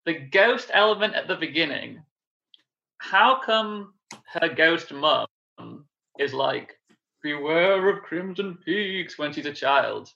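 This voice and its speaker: A man joking wryly on a film podcast, his voice fairly high with a bright, forceful edge. A gravelly rasp runs through his voice. His mic sounds dull and lo-fi. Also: expressive, takes it slowly. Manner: wry, joking. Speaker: podcast co-host. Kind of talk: casual film chat.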